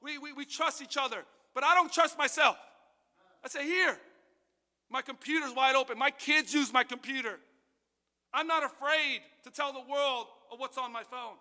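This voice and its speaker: High bright-voiced preacher in an echoey hall. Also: male voice, normal speed. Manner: animated storytelling, swings from hushed to loud. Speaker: pastor. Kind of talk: sermon with personal testimony.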